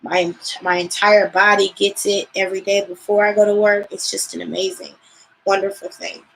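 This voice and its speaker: A young woman, a beauty vlogger, chats casually in a live skincare session late at night, sounding tired and yawning now and then. Her mid-range voice has vocal fry and moves at a normal speed, relaxed and chatty with plenty of "um" fillers. The audio is poor, with a little hiss or hum.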